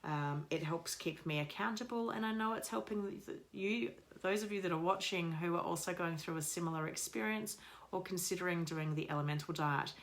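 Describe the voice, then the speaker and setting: Chatty low-voiced woman vlogger. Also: a little fast. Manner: chatty and upbeat, addresses viewers directly. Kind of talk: casual video diary.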